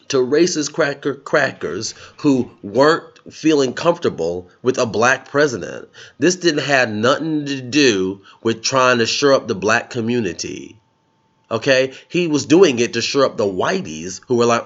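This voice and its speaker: A man's voice: mid-range voice, animated, measured pace, fairly bright tone, dull audio. A man giving sarcastic, casual political commentary in a vlog, often breaking into laughter at his own jokes. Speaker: political vlogger.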